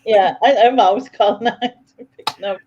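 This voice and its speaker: A woman's voice: mid-range voice, a little slow, a little mellow, highs cut off, a little hiss or hum. A British woman chatting as a guest on a livestream, easygoing and giggly. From England. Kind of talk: casual livestream chat.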